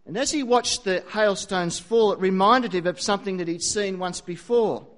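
High-voiced storytelling preacher, man. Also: moderate pace. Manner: lively storyteller with dry asides, varied pace. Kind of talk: storytelling sermon.

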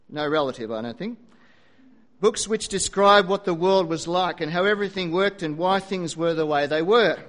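A man's voice: high-pitched, fairly bright tone. A man preaching a sermon, telling a story with dry asides and a varied pace.

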